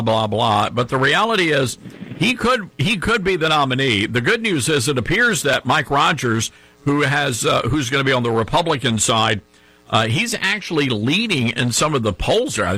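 A man hosting talk radio, opinionated and sarcastic, tossing off quick asides as he tees up questions for his guest. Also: medium pitch, sharp tone, husky, no room sound.

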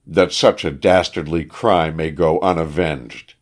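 A man reading an audiobook, voicing a grieving and vengeful wife in a raised falsetto, declaiming his lines. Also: unhurried. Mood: anguished. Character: grieving vengeful wife, middle-aged woman.

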